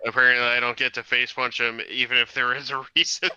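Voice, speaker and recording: A man's voice: medium pitch, flat delivery, quick pace, bright, forceful tone, clean tone, no room sound, highs cut off. A man playing a tabletop game in casual chat, blunt and wry, with casual swearing. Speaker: player. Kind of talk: casual tabletop role-play.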